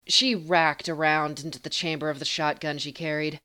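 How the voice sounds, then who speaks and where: A woman reading fan fiction aloud as an audiobook narrator with steady, even storytelling. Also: low voice, moderate pace, few pauses.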